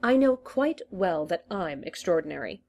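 A woman's voice: lowish voice, big pitch swings, moderate pace, creaky, darkish tone, a little hiss or hum. The Master, read by a woman, teasing and boastful. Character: scheming male Time Lord, teasing and proud. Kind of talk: reading a story aloud.

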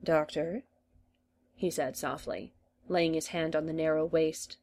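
A woman reading a story aloud, in a measured storytelling manner. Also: deep voice, steady tone, darkish tone, a little hiss or hum. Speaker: reader. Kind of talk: reading fan fiction aloud.

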